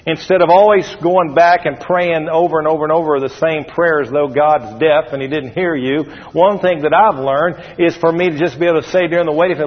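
Speaking briskly with hardly any pauses, a man with a high-leaning, breathy voice preaches in church to a congregation. He is emphatic and repetitive, prompting responses, in a dull lo-fi recording with long hall reverb.

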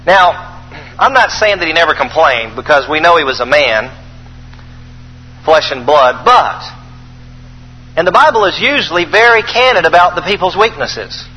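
High husky-voiced male preacher. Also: normal speed, pauses often, long reverb tail, low-quality recording. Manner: animated, folksy, emphatic asides while reading scripture. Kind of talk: sermon.

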